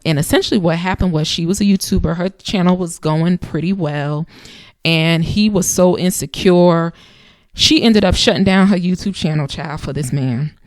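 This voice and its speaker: Emphatic woman with a low voice. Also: dry recording, clean studio sound. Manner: emphatic, conversational, with repeated phrases. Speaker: channel host. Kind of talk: casual advice talk.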